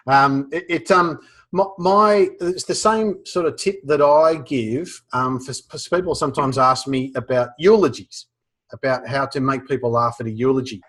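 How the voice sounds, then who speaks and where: A man with an Australian accent giving casual advice on humor, relaxed, with many fillers and restarts. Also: mid-range voice, normal speed. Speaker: guest speaker on humor.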